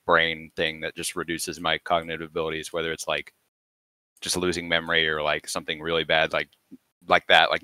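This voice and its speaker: A man's voice: low voice, bright, forceful tone, no echo. A man in his twenties, a podcast guest in casual chat, rambling and filling his talk with "like". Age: 20s. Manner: rambling, heavy use of "like".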